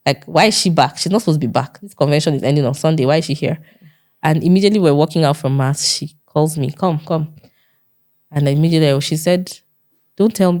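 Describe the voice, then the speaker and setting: A woman with a Nigerian accent and a notably low voice tells her own story as an interview guest. She speaks earnestly, often repeating herself and acting out the dialogue she remembers. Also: a little mellow.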